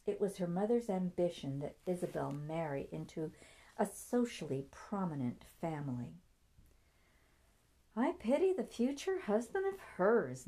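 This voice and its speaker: A woman reads a novel aloud with a very low voice. Her delivery is steady and measured, in a plain storytelling manner. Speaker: narrator. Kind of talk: audiobook reading.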